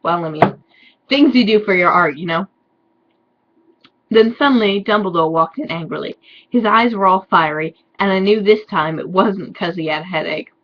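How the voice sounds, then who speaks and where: A woman's voice: medium pitch, normal speed, highs cut off. A young woman doing a comedic dramatic reading of fan fiction, with sarcastic, mock-despairing asides.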